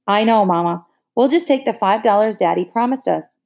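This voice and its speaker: A woman's voice: medium pitch, normal speed, gravelly, darkish tone, slight background noise, close to an everyday voice. A woman voicing a prim, bossy teenage girl who corrects others and sweet-talks.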